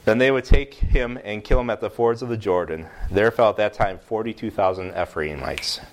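Lively lower-voiced American Bible teacher. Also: male voice, normal speed, slight background noise. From United States. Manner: lively, asks the class questions, many restarts. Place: classroom with a board.

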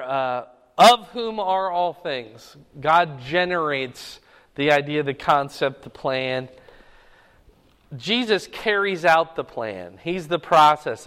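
Male Bible teacher, clear resonant voice, keeps checking in with the class. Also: on the high side, fairly bright tone, in a large hall.

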